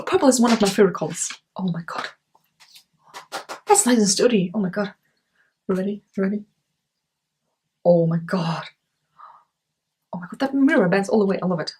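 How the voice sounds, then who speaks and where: A woman's voice: mid-range voice, background noise. A woman vlogging an unboxing at home, gushing and gasping over what she finds, talking into a camera mic. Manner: gushing, gasping, breathy exclamations. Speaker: beauty vlogger. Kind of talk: excited unboxing vlog. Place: home, indoors.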